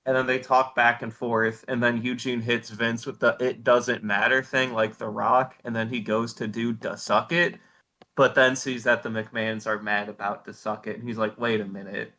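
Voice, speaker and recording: Podcast co-host, male, gravelly and bright-toned, deadpan profane recap delivery. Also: medium pitch, moderate pace, hardly any pauses. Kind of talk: casual chat.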